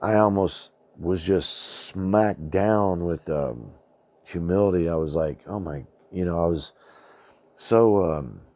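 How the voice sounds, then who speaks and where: Low, dark-voiced man rambling casually. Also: slow, no echo. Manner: rambling, colloquial, swears freely, says "man" often. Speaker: channel host. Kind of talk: casual storytelling monologue.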